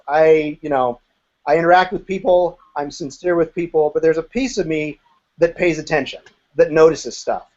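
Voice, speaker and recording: The recording is dull, and the man's voice is fairly high with a darkish tone. In his fifties and formerly part of the group, he tells his story as an interview guest, speaking openly and sometimes profanely.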